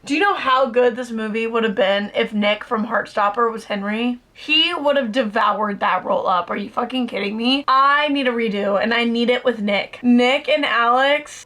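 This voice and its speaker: A woman's voice: on the high side, a bit bright. A young woman, chatting casually in a reading vlog, ranting and swearing freely. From Southern US. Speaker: book vlogger.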